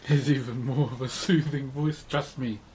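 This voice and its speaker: A man's voice: medium pitch, fairly even intonation, normal speed, darkish tone, a little hiss or hum. A man with a New Zealand accent chatting casually on a livestream while woodcarving, laid-back and laughing often as he greets his chat.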